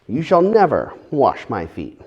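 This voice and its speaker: A man's voice: medium pitch, huge pitch swings, a little slow, darkish tone, slightly rough, highs cut off, full character voice. A man preaching who briefly acts out an adult male disciple protesting in disbelief, his voice raised and insistent. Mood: indignant.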